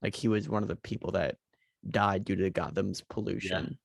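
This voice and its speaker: Gravelly-voiced male podcast co-host. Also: normal speed, no room sound. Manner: relaxed, joking, pitches story ideas. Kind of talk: casual chat.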